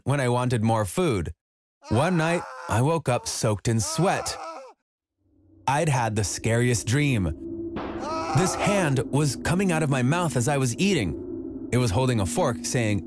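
A man telling a scripted first-person story in an even, measured way. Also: mid-range voice, background noise. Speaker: narrator.

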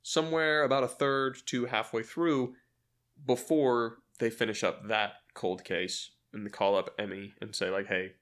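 A man in casual chat, pitching a story idea and acting out quick quoted lines, often laughing. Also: steady tone, fairly bright tone.

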